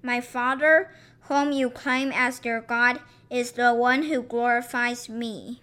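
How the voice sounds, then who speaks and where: High, bright-voiced woman reading scripture. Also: steady tone, takes it slowly, clear, resonant tone. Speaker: scripture reader.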